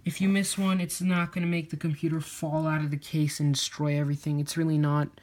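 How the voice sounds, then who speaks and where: A woman with a low-pitched, slightly mellow voice talks a little fast in a level tone. As a PC builder vlogger, she casually and chattily walks viewers through building a computer, calling them "guys," and her speech is a little slurred.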